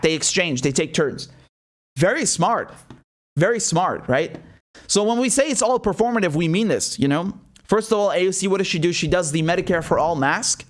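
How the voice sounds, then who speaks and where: Heated sarcastic political commentator, man. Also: fairly high pitch. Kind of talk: opinion monologue.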